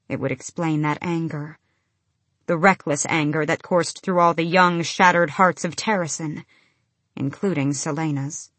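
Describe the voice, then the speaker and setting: A woman narrating a fantasy audiobook in an even, expressive reading, close to the mic. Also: on the low side, no echo.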